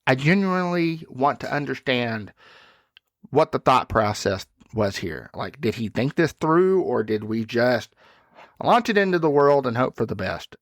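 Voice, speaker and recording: Chatty dad telling stories, dry close sound. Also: male voice, medium pitch, sing-song, measured pace, no room sound. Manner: chatty, self-deprecating, laughs at own stories. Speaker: podcast host. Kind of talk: casual storytelling monologue.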